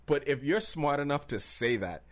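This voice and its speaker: A man's voice: a little high, animated, moderate pace. A young man co-hosting a podcast, making opinionated points in casual talk and laughing easily. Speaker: podcast co-host.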